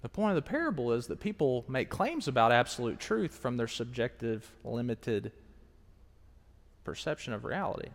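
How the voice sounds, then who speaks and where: A man preaching a sermon to a live audience, animated and engaging, swinging from hushed asides to raised, emphatic lines. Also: mid-range voice, moderate pace. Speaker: pastor. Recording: long hall reverb.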